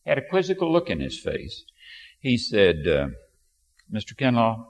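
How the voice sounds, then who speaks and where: An older man preaching a sermon, telling a family story in an unhurried, storytelling way with sudden bursts of emphasis. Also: medium pitch, wildly swooping pitch. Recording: dull lo-fi audio with long hall reverb.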